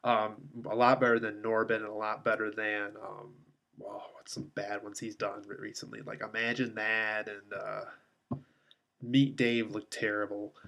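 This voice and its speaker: A man's voice: fairly low pitch, level tone, a little slow, creaky, pushed and bright. A man giving a casual spoken movie review, rambling along with many filler ums and restarts.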